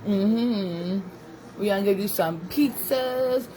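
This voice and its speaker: A woman talks loosely and at length to her live-stream viewers, drifting between topics and a small child beside her. Her voice sits in an ordinary middle pitch. A clear, steady noise runs under her speech throughout the stream. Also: slow pace, rough recording. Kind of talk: casual live-stream chat.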